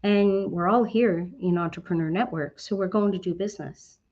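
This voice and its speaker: In her motivational talk to a business network, the outgoing Canadian woman stays animated and keeps answering questions she poses herself. Her voice runs on the low side at normal speed, with the highs clipped off.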